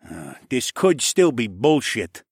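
A man doing a gruff, grumbling paranoid man. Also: mid-range voice, very animated, slow, no echo, studio quality, heavily acted. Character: gruff suspicious middle-aged man in a trench coat.

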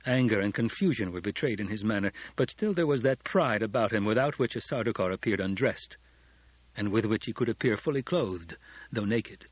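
A man narrating a novel as an audiobook, in steady storytelling. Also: lowish voice, fairly quick, husky, no echo. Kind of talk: scripted narration. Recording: dull lo-fi audiobook recording.

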